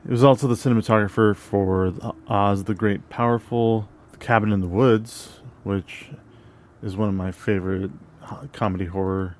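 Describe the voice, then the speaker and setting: A man's voice: fairly low pitch, fairly even intonation, normal speed, slight background noise. A man co-hosting a film podcast, laid back, running through crew credits in casual chat. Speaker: podcast co-host.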